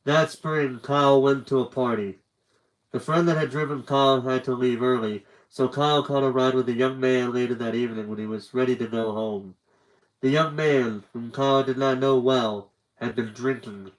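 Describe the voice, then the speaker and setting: A man's voice: mid-range voice, fairly even intonation, moderate pace, poor audio. Earnest man reading a story aloud. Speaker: reader. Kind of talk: reading a book aloud on a livestream.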